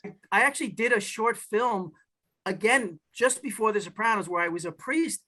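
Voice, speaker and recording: New York male actor, interview guest; high bright tone, animated storytelling. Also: normal speed, poor audio. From New York / New Jersey area. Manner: animated storyteller, many restarts. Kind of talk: casual podcast interview.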